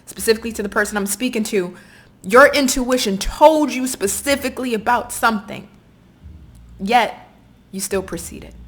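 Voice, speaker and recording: A woman talks straight to the listener as a tarot reader, heartfelt and earnest, and doesn't soften her blunt warnings. Her voice sits at an ordinary middle pitch. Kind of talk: direct-to-viewer tarot reading.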